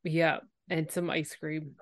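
A woman's voice: low voice, flat delivery, slow, no echo, clean studio sound. Emotive woman recapping a show. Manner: emotive, retells scenes with acted quotes. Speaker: podcast host. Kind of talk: casual TV recap chat.

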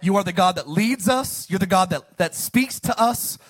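With a high, slightly breathy voice at a normal pace, the pastor preaches with energy, alternating booming lines with hushed ones and inviting the congregation's responses.

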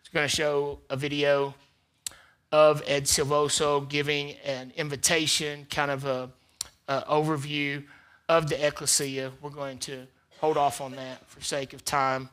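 A man preaching a sermon as pastor, repeating phrases for emphasis and swinging between loud emphatic peaks and quiet asides. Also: fairly high pitch, little pitch movement, slow pace. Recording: live church service.

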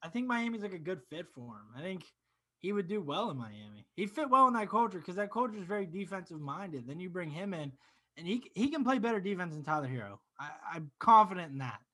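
Young male co-host, high bright voice, blunt opinions, animated mimicry. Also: fast. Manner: opinionated, acts out players in animated quotes. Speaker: podcast co-host. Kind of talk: casual sports talk.

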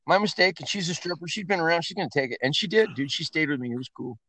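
A man, a podcast guest, telling crude, profane stories in a loud, animated way during a casual chat. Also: on the high side, quick pace.

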